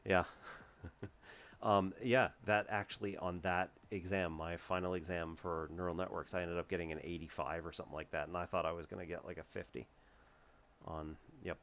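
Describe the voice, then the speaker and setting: Low-voiced guy chatting through a math lesson, laughs a lot, dull lo-fi sound w/ faint hiss. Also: flat delivery, a bit bright. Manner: rambling, laughs often, halting restarts. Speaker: math tutor. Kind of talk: casual lesson chat.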